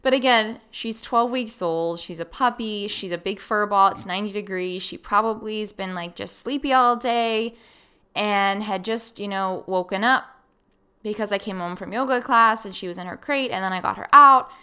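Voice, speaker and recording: Woman podcast host, solo casual storytelling, bright and clear tone, animated, voices her own inner thoughts. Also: mid-range voice, moderate pace. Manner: animated, acts out her own past thoughts, laughs easily.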